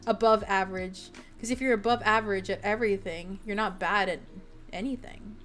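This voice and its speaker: Her medium-pitched, fairly bright voice stays fairly even in intonation and runs a little fast. She's a young adult streamer rambling casually to viewers, with frequent fillers and giggles over soft background music.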